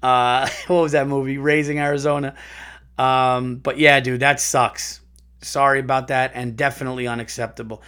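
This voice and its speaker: A male podcast host reads a listener's story aloud and stops often to react. His voice sits at an ordinary middle pitch. He talks in a loose, profane way and laughs along as he goes. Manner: animated, profane, laughs while reading. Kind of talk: casual podcast chat.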